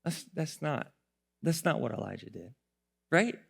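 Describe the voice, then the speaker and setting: A male pastor preaching a sermon, telling the story with animated voices, laughter and occasional shouts. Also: fairly high pitch, measured pace, vocal fry, breathy edge.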